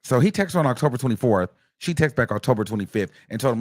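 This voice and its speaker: A man hosting a casual gossip commentary, recapping courtroom testimony in an animated, chatty way. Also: medium pitch, fast talker, dry recording, studio quality. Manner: animated, gossipy, acts out quoted texts in a raised voice. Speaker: commentary host.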